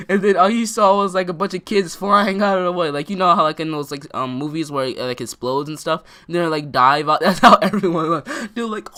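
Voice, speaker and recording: A young man tells a story to his viewers, rambling and circling back with constant filler words. His voice is bright and forward, and the talk is loose and unscripted. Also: sits high, moderate pace, few pauses. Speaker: vlogger. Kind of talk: casual storytime.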